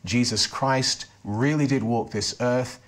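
A man's voice: medium pitch, slow pace. A man being interviewed, earnestly recounting a personal testimony and often restarting his sentences. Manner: earnest storytelling with frequent restarts. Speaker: interview guest.

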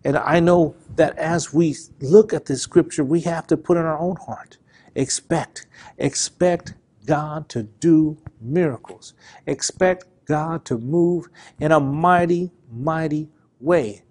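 Male pastor, fairly high-pitched, fervent sermon delivery with repeated phrases and swinging emphasis. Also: slow, darkish tone. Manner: impassioned, repetitive preaching with rising and falling emphasis.

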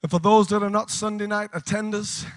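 A British man preaching a revival sermon, impassioned and shouting to a congregation in a large church hall. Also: high-pitched, fairly even intonation, brisk. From United Kingdom. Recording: long reverb of a large hall.

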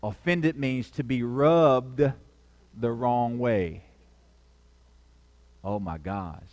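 A man's voice: mid-range voice, extremely slow, a little mellow, long reverb tail, lo-fi sound. A male pastor preaching a sermon, calling out questions to the congregation and repeating key phrases.

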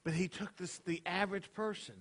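A man's voice: high-pitched, fairly even intonation, a little fast, fairly bright tone. A man, a rabbi preaching a casual, conversational sermon to his congregation, tossing out rhetorical questions. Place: congregation hall.

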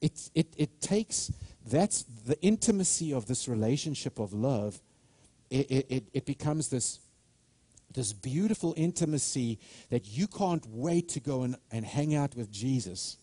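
A man's voice: mid-range voice, animated, a little slow, dark tone, husky, no echo. A middle-aged man preaching a sermon with fervent delivery, often repeating and restarting words as he builds momentum.

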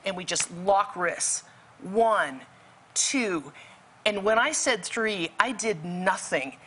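A woman's voice: medium pitch, animated, slow pace, a bit bright, slight background noise. A woman guest telling a faith story vividly, acting out the dialogue in it. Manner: vivid, acts out quoted dialogue. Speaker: guest author. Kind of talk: storytelling testimony.

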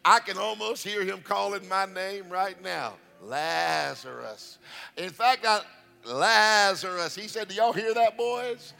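High, gravelly-voiced man preaching a sermon. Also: steady tone, moderate pace, hardly any pauses. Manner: rising into chanted, shouted preaching.

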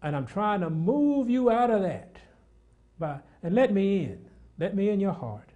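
A man preaching a sermon, moving between loud, fervent exhortation and quiet, prayerful passages, repeating words as he builds up. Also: high voice, sing-song, measured pace, highs cut off. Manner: repeats words when worked up.

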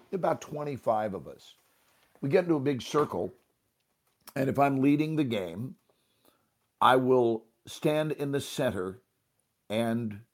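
A man, an improv teacher, explaining a game in a talk show conversation, at times chanting in rhythm. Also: mid-range voice. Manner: animated, rhythmic chanting and snapping; occasional coughs, pauses to sip water.

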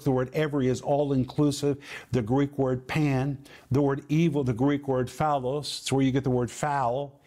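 A man's voice: mid-range voice, warm tone. A man preaching a sermon, emphatic, explaining Greek words and building long lists with rising force. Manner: spells out Greek word meanings. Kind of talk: sermon teaching.

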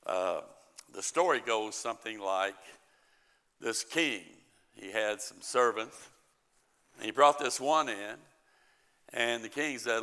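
A male pastor delivering a sermon at an unhurried, deliberate pace. His voice is bright and edged with gravel, and he tells a story and voices its characters as he goes. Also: fairly low pitch. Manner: storytelling preacher, acts out the characters' lines.

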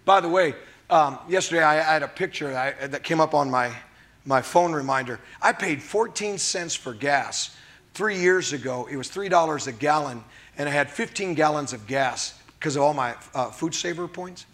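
A man preaching a sermon from the United States, animated, asking the congregation rhetorical questions and acting out quotes. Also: fairly high pitch, normal speed. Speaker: pastor.

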